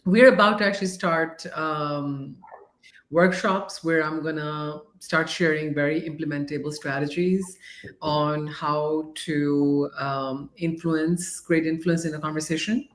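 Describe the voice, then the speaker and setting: Playful low-voiced woman in an echoey room. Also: fairly even intonation, a little slow. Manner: laughs often, playful. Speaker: co-host. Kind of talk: casual livestream chat.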